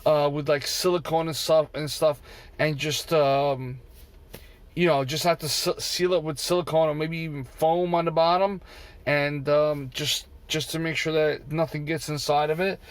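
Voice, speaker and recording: A man's voice: a little high, fairly even intonation, moderate pace, no room sound. A vending machine operator venting in a frustrated, profane, repetitive rant for his vlog, talking from inside a vehicle. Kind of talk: ranting vlog.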